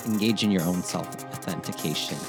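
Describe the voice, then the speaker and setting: A man in his forties with a fairly low voice co-hosts a casual podcast. He talks in a reflective way and builds up to advice for listeners, with faint music underneath. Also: a little fast. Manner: reflective, gives advice, frequent short agreement. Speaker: podcast co-host.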